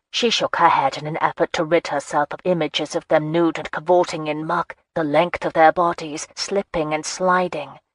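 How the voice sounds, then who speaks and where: A woman narrating a romance audiobook in a steady, even storytelling manner. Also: sits low, dry recording. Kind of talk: scripted narration.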